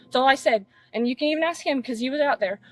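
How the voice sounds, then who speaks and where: A woman's voice: sits high, fast talker, low-quality recording. A nineteen-year-old woman emphatically recounting a fight to a police officer, upset and blunt, recorded outdoors on a body camera. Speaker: witness in a police call. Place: outdoors at a residence.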